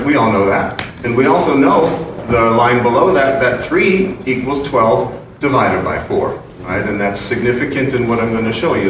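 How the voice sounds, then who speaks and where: A man giving an informal spiritual talk to an audience, playful and chuckling as he explains his points. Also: medium pitch. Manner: playful and chuckling, with casual asides. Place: large room with an audience. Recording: very echoey room, distant mic, background noise.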